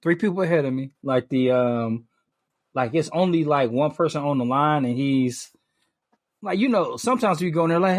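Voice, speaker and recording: A man on a podcast, telling a story in casual chat, animated, full of fillers and restarts, swearing freely. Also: on the high side, normal speed, no echo, clean studio sound. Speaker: podcast co-host.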